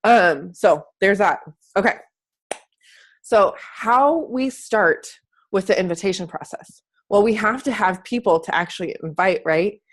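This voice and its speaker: A young adult woman fitness coach giving a chatty, animated coaching talk, acting out people's thoughts as she goes. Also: medium pitch, unhurried. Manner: chatty, animated, acts out squealing quoted thoughts. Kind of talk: casual coaching talk to camera.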